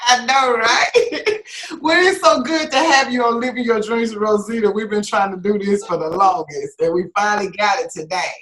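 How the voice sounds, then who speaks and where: A woman's voice: medium pitch, moderate pace, a bit bright, echoey room. A woman from Mississippi, hosting a casual interview, chatty and laughing easily. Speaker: interview host.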